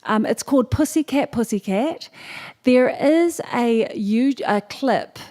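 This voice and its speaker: A New Zealand woman poet telling a story and performing a poem at a festival stage, playful and animated, acting out the dialogue. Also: a little high, takes it slowly. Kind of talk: live storytelling and poetry performance. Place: festival stage before an audience.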